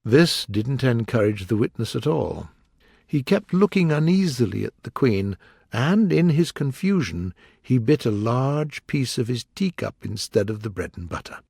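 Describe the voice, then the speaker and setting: A man narrating a children's audiobook with a lively, expressive reading. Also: medium pitch, normal speed, vocal fry, breathy edge, no room sound, clean studio sound. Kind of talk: storybook narration.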